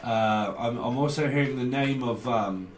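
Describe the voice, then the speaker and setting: At a normal speed and medium pitch, a man rambles through a joking, casual tarot reading to camera, chuckling as he wanders between thoughts. The mic is distant, giving a roomy echo with faint background hiss.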